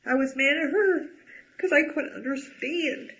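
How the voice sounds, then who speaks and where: Blunt, agitated man with a bright voice. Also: very high-pitched, measured pace. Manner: agitated and blunt, swears when angry. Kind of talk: emotional personal conversation. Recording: dull lo-fi recording.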